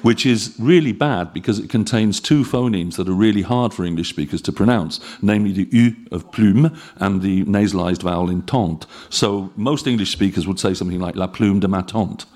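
Man, very low voice, middle-aged, academic lecture, measured explaining, lots of ums. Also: darkish tone. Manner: measured, explanatory, with frequent fillers. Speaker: linguistics lecturer.

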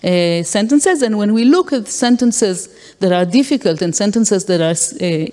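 A woman's voice: mid-range voice, animated, normal speed, warm tone. A woman giving an academic lecture, explaining with acted-out examples and frequent fillers. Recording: long hall reverb.

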